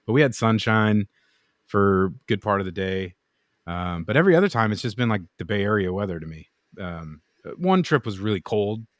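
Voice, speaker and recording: The clean, echo-free studio sound carries a man's fairly low, animated voice at a moderate pace. A knifemaker co-hosting a podcast, he rambles through stories casually, swearing and playing out other people's words.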